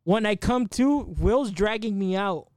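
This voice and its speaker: A man's voice: sits high, lively intonation, a little slow, no room sound, clean studio sound. A man in his twenties telling a rambling, profane story in a casual podcast chat. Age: 20s. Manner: rambling, profane, laughs at himself.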